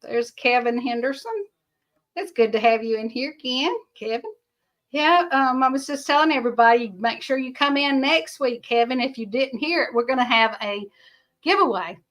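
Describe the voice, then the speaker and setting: A woman's voice: high-pitched, animated, normal speed, a bit bright. An older woman, hosting a rambling livestream, chatting casually and answering viewer comments in a folksy way. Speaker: livestream host.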